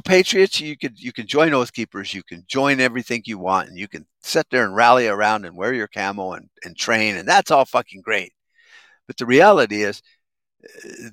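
A man's voice: mid-range voice, a bit bright, no echo. Profane ranting man, dry sound. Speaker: podcast host. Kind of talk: ranting live podcast monologue. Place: car, driving to work.

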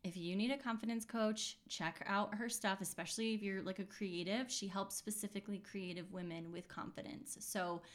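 A woman's voice: medium pitch, fairly even intonation, normal speed, few pauses. A woman hosting a podcast and giving an intuitive reading in a casual, chatty monologue, earnest and reassuring, full of fillers and restarts.

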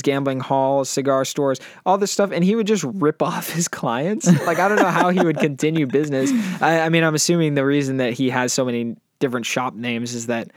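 A young man co-hosting a casual podcast from an apartment, telling stories with lively retellings. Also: fairly high pitch, no echo, clean studio sound. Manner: animated storyteller, mimics voices in retellings. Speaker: podcast co-host. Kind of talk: casual chat.

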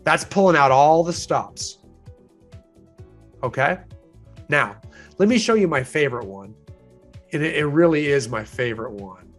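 A man giving an instructional talk on sales and negotiation, animated, acting out the voices he quotes and chuckling now and then. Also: medium pitch.

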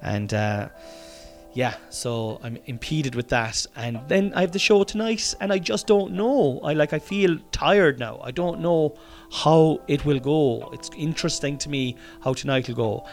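A man's voice: on the high side, lively intonation, measured pace. Irish male podcaster, worn out, loose rambling delivery with frequent swearing, faint music under him. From Ireland. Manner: rambling, swearing, restarts mid-sentence. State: tired. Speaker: podcast host. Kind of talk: casual solo podcast diary.

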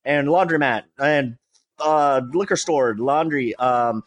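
A man's voice: mid-range voice, background noise. Man frantically narrating a music video. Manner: rushed, stammering, exasperated, swears and laughs. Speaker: show regular.

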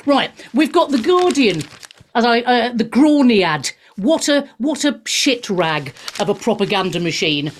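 A woman's voice: a little high, sing-song, unhurried, slight background noise. Bubbly, jokey woman radio host. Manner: bubbly, jokey, cheeky asides, laughs often. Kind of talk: chatty radio talk.

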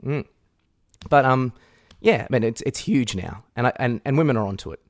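A man co-hosting a podcast in casual chat, talking in halting starts with many fillers and restarts. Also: mid-range voice, animated, dry recording, studio quality. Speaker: podcast co-host.

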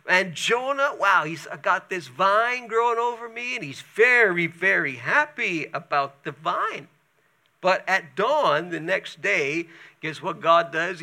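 A male pastor preaching a sermon, telling the story in an animated way with chatty asides. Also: high-pitched, gravelly.

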